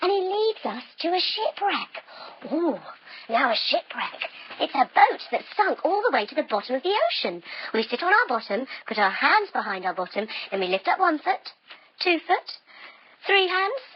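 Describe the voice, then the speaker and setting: Animated, high-pitched woman telling a kids' yoga story. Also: moderate pace, lo-fi sound. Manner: animated, playful, exaggerated storytelling with sound effects. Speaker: kids yoga teacher. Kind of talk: storytelling yoga lesson for children.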